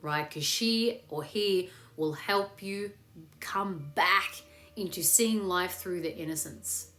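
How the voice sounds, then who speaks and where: Speaking slowly in a low, fairly bright voice, a woman hosts a casual live chat that builds toward a meditation. She swears freely and stays upbeat. The recording has room echo and faint music behind her.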